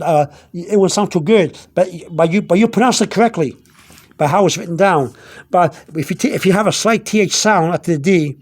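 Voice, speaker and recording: High-voiced man teaching halting, repetitive. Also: darkish tone. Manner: halting, repeats words and checks in with "okay?". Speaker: language teacher. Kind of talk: informal vocabulary lesson. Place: indoors, pointing at a product label.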